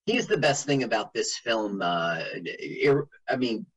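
On a radio show, a man with a mid-range voice talks about a movie a little slowly, in a casual chat with his co-host. He gets animated and acts out scenes in put-on voices, though the audio quality is poor.

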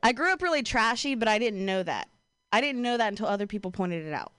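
A young woman from Ohio doing a stand-up comedy set, casual and profane, with a deadpan delivery broken by her own laughs. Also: mid-range voice, quick pace, clear, resonant tone, no echo.

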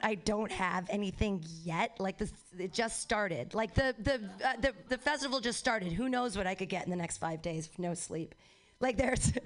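A woman hosting a comedy show from a club stage on a handheld mic, rambling and giggly, often cutting herself off mid-sentence. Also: medium pitch. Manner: rambling, giggly, self-interrupting. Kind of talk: stand-up emcee banter.

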